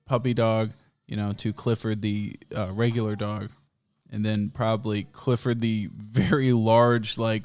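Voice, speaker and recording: A man's voice: fairly low pitch, little pitch movement, a little slow, a little mellow. A man hosting a podcast, telling rambling, profane comic stories and laughing often. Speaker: podcast host. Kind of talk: casual comedic storytelling.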